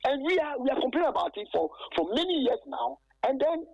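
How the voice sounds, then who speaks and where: A man, a former footballer calling in to an interview, talking in a halting, aggrieved way and stacking repeated words and fillers. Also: very high-pitched, big pitch swings, creaky, darkish tone, dry recording, lo-fi sound. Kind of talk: phone-in interview.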